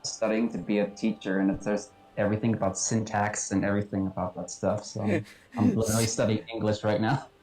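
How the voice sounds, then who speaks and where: A man's voice: lowish voice, level tone, brisk, darkish tone, roomy sound, faint music behind, rough recording. A male college student joining a casual chat on a call, speaking thoughtfully with hesitations.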